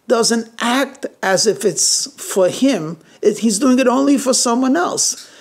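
A man's voice: sits high, creaky. A man, a rabbi, telling a weekly story in a conversational way, with many fillers, acting out the characters he quotes. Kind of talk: storytelling sermon.

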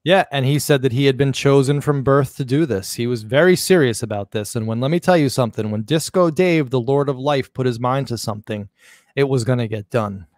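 A man's voice: medium pitch, a little fast, darkish tone, no echo, studio quality. A man from the Bronx with a New York accent, a guest in a casual interview, talking in a blunt, easygoing way. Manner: blunt, easygoing, laughs often.

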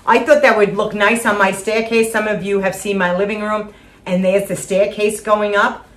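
This is a vlogger showing off her shopping haul: an older woman chatting casually at home, gushing, repeating herself, and giggling a little. She speaks at normal speed with a medium pitch and a flat delivery.

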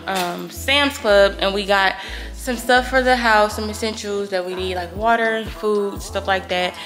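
A woman's voice: medium pitch, a bit bright. A young woman, chatting casually and rambling straight to her viewers in a vlog. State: out of breath. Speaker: vlogger.

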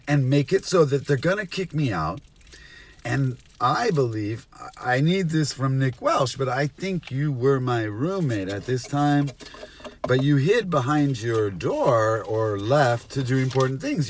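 A man hosting a solo podcast from inside a car, rambling in a scattered, jumpy way and talking to absent listeners. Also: medium pitch. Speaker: podcast host.

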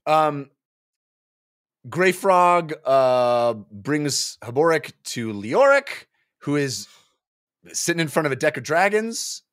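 A man's voice: on the high side, expressive, slow, fairly bright tone, no room sound, clean studio sound. A man co-hosting a casual book club chat, recapping chapters and acting out characters' lines in playful voices. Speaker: podcast co-host.

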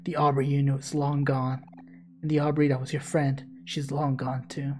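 A woman's voice: level tone, moderate pace, slight background noise. A woman reading game dialogue aloud, voicing a sullen teenage girl who is cold and bitter. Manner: low, quiet and curt.

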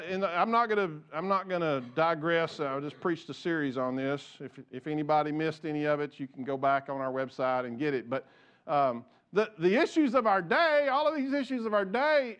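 A man's voice: sits high, a bit bright. A man pastor preaching a conversational sermon in church, repeating words as he goes and joking with the congregation.

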